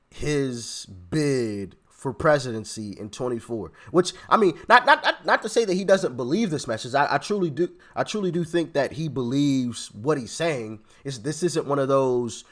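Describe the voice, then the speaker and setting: Reacting casually on his commentary channel, a man with a mid-range voice speaks straight to his viewers. He's animated and frequently restarts phrases.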